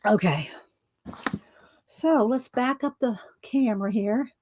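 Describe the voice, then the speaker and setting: A woman's voice: on the high side, takes it slowly, a little mellow, no echo. A woman chatting casually on a livestream, short of breath and exclaiming as she reads viewer comments. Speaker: livestream host.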